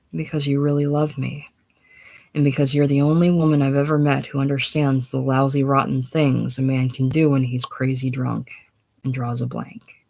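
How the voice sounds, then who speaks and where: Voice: medium pitch, creaky. Reader doing a listless, cynical grieving man. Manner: listless monotone. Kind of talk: casual play reading.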